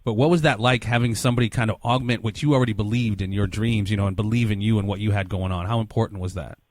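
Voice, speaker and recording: Fast-talking male podcast host. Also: on the low side, fairly even intonation, dry recording, clean studio sound. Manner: encouraging, fills with "you know". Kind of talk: casual interview.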